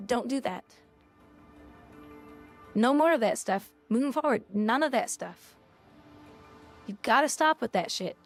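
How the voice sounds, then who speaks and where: A woman's voice: a little high, lively intonation, a little slow, pauses often. Woman streamer, casual chat, blunt and scolding, swears, faint music under her. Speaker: game streamer.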